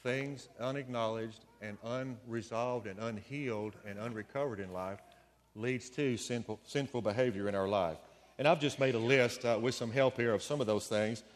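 A man's voice: medium pitch, moderate pace. Man, preacher, conversational sermon, mid-range voice, long church reverb. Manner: conversational, folksy, with storytelling asides. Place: church sanctuary.

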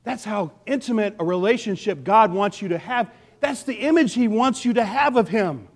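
A man preaches with passion, his voice rising loud and then dropping to a hush. He speaks in a high register. The sound rings with the long reverb of a big hall. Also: lively intonation, normal speed. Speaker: pastor. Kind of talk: sermon.

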